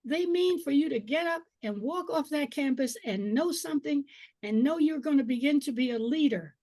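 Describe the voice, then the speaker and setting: An older woman telling lively stories as an alumna panelist on a video call. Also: sits high, normal speed, no room sound. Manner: lively, animated storyteller.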